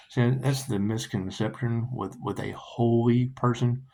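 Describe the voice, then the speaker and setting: A man's voice: mid-range voice, fairly even intonation, unhurried, vocal fry, warm tone. A man giving a loose, rambling spiritual tarot talk, swearing, laughing and humming little tunes between thoughts. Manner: profane, laughing, humming asides. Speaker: tarot reader.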